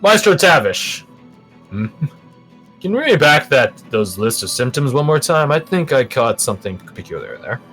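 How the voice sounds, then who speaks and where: A man voicing a fussy, learned male gentleman who speaks politely and formally, with background music. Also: mid-range voice, sing-song, moderate pace, slightly rough, voice pushed up, heavily acted. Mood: curious.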